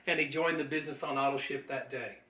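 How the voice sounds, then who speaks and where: A man cheerfully telling animated stories about recruiting friends into his business, laughing easily. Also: mid-range voice, fast. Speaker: network marketing trainer. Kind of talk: storytelling testimony. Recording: echoey room, mic at a distance.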